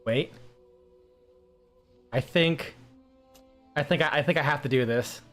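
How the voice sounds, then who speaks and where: A man's voice: mid-range voice, a little slow, fairly bright tone, soft background music. A man casually commenting while playing a game on stream, rambling with lots of filler words and frequent swearing.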